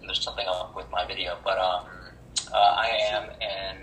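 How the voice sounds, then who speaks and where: A man's voice: deep voice, flat delivery, moderate pace, reverberant, a little hiss or hum, poor audio. A man sharing at a support meeting over a video call, rambling and stumbling, praising the others' shares. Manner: rambling, warm toward others, stumbles and restarts. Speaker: recovery meeting member sharing.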